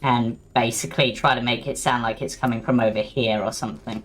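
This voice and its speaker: Deep-voiced woman player, hesitant and musing. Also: steady tone, brisk. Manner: hesitant, thinking aloud with fillers. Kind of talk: casual tabletop play.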